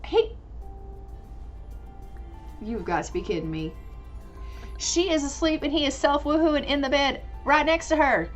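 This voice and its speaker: A woman's voice: high voice, expressive, moderate pace, faint music behind. Chatty woman narrating her game. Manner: chatty, laughing, playful voices for her characters. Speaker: gameplay host. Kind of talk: casual game commentary. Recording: dull, lo-fi audio with faint noise.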